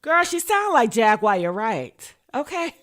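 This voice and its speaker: A sassy woman with dishes on celebrity drama, cursing freely and reacting big. Her voice sits high and bright, swinging widely in pitch, and she takes her time between punchlines. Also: very animated, measured pace. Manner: sassy, profane, dramatic, reads posts aloud and reacts. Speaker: celebrity gossip commentator. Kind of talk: casual gossip commentary.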